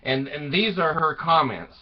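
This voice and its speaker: A man's voice: a little high, a little slow. A man telling a crude, irreverent comic story, giggling often as he goes. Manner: giggles constantly, crude jokes. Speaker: comedic storyteller. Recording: dull lo-fi sound.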